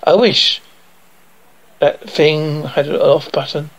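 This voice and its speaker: A man's voice: a little high, slow pace, low-quality recording. A man voicing a young boy prince who is often indignant. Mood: eager.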